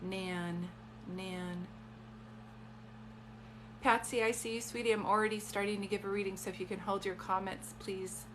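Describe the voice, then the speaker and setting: A woman's voice: medium pitch, fairly even intonation, moderate pace, pauses often, noisy background. A woman giving a psychic reading on a live stream from a phone, talking in chatty, rambling asides. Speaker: psychic medium.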